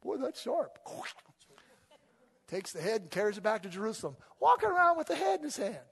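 A man preaching an animated sermon, exhorting and calling his congregation to read along. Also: sits high, very fast, creaky, husky. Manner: animated, rising to loud exhortation, call-and-response with congregation. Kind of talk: energetic sermon. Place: church sanctuary. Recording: long reverb of a large hall.

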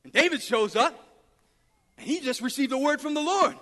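High-voiced emphatic male preacher. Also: brisk, bright, forceful tone. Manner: emphatic, repetitive, acts out quoted dialogue. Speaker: pastor. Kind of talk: sermon. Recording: reverberant hall.

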